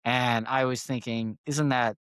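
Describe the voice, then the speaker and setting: A man's voice: mid-range voice, unhurried, clean tone, no echo, studio quality. Laughing man telling comic stories. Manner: animated storytelling, laughs often. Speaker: comedy podcast host. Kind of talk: casual comedic chat.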